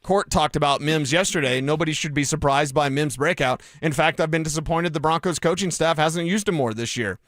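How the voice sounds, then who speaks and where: A man's voice: on the high side, brisk, few pauses, fairly bright tone, dry recording, studio quality. A man from Colorado co-hosting a sports radio show, talking emphatically and joking. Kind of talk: casual sports talk. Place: radio studio.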